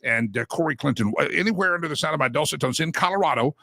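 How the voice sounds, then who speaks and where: A man's voice: a little high, lively intonation, fast, creaky, sharp tone, no echo. A male talk show host on a live political show, ranting and getting worked up, then doing a folksy sponsor read. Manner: fiery, gets worked up, ranting.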